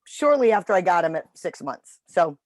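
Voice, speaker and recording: A woman telling a dog-training story in casual chat on a video call, animated when quoting. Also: on the low side, moderate pace, dry recording. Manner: chatty storytelling, animated voices for quotes. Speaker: puppy raiser trainer.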